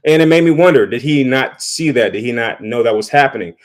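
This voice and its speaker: A man's voice: mid-range voice, lively intonation, brisk. Man, medium voice, casual vlog talk, conversational, repeats himself. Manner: conversational, repeats words while thinking. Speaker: vlogger. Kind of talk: casual commentary.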